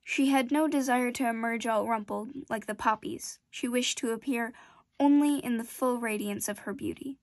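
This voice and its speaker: A woman with a fairly high voice reads a storybook aloud in a gentle, measured way. Her delivery is calm and steady, and the recording is dry and close, with no room echo. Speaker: storybook reader. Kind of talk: reading a classic children's novel aloud.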